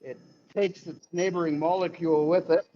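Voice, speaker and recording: A man's voice: a little high, fairly even intonation, normal speed, lo-fi sound, slight background noise. A man hosting a live stream, casually explaining his workshop work and cracking jokes. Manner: jokey, explains while working. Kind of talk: casual chat while working in a workshop.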